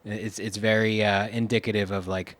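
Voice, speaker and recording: ハワイ訛りが少しある低めの声の男性. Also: male voice, lowish voice, normal speed. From Hawaii. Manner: relaxed storyteller, slips into pidgin impressions. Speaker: podcast co-host. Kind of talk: casual podcast chat.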